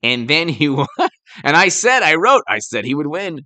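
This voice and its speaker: A man's voice: on the high side, very animated, moderate pace, pushed and bright, dry recording. A man doing a casual political live stream, rambling and sarcastic, stopping to thank viewers who send donations. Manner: rambling, sarcastic, thanks super chat donors mid-talk.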